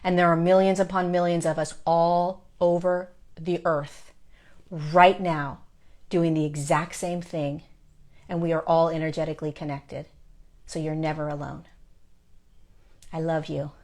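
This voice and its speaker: A woman's voice: sits low, level tone, measured pace, pauses often, darkish tone. A woman talking as a spiritual teacher, encouraging her viewers earnestly and repeating phrases for emphasis. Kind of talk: spiritual pep talk to viewers.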